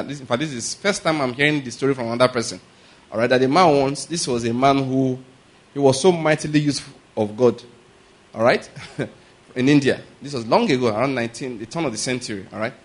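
A man preaching a conversational sermon, often pausing to ask whether listeners are following and chuckling through anecdotes. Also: mid-range voice. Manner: checks in with "are you getting my point?" and "all right?".

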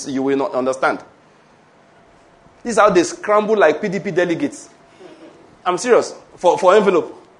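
Nigerian pastor guy preaching, high voice, keeps asking do you understand, calls for amen. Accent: Nigerian English. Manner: animated preaching with rhetorical questions and call-and-response. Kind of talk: sermon.

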